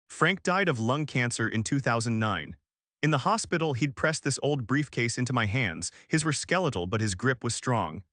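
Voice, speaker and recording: A man tells a first-person story in a steady, even storytelling manner. His voice is medium-pitched and his pace moderate. The studio-quality recording has no room sound.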